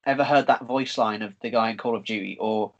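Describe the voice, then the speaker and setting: A man's voice: lowish voice, lo-fi sound. Chatty podcast host, a man. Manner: chatty, excitable, swearing, quick to laugh. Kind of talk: casual chat.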